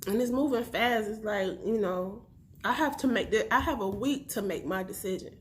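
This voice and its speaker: A woman in her thirties speaking in an emotional confessional vlog, soft and halting, at times whispering and close to tears. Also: mid-range voice, slight background noise. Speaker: family vlogger.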